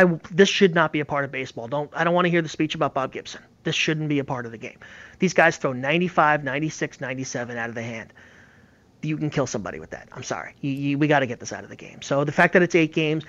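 A man's voice: on the high side, fairly bright tone, no room sound, highs cut off. A man giving emphatic, opinionated baseball analysis in casual sports talk, often repeating words as he talks.

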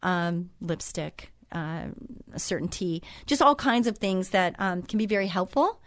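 A woman's voice: on the low side, lively intonation, measured pace, dry recording, studio quality. A woman hosting a Christian talk show, talking in a chatty, encouraging way and drifting into personal stories. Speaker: host.

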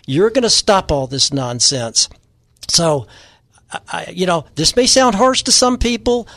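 A man in a radio-style interview lays out his political plans with forceful, repetitive declarations. His voice sits a touch high and is recorded dry and close, with no room sound. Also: no room sound. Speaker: political candidate guest.

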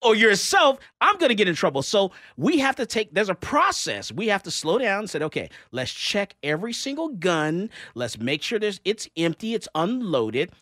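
A male radio talk host with a bright, forceful voice that swings up and down a lot as he rants. He piles on fillers and repeats himself. The sound is close and dry, with no room around it. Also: high-pitched, normal speed, hardly any pauses, dry recording. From Texas. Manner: animated, exasperated rants with many fillers. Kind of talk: casual radio chat.

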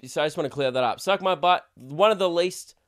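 A man's voice: a little high, brisk. Crude rambling podcast man. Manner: crude, rambling, laughs a lot. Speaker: podcast host. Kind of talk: casual solo podcast rant.

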